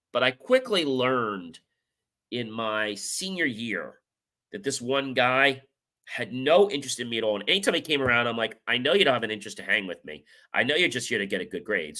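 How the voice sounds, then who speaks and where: Bright-voiced man telling stories. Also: mid-range voice. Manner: casual storytelling, acts out quoted dialogue. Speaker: show host. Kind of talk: motivational talk with personal stories.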